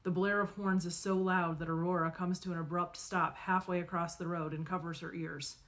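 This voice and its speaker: A woman narrating a novel in the first person, expressive and acting out the dialogue. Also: on the low side, moderate pace. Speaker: audiobook reader.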